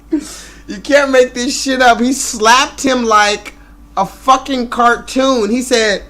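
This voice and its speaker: A man's voice: extremely high pitch, sharp tone. A man hosting a live stream, ranting and swearing in loose commentary, repeating himself and laughing often.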